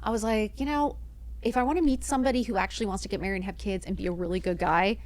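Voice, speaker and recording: A woman chatting as a podcast guest, spinning a lively story at a middling pitch. She acts out the lines of the people in her story with plenty of swearing, in an easy, casual way. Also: racing, no echo. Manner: animated, acts out quoted dialogue, swears freely.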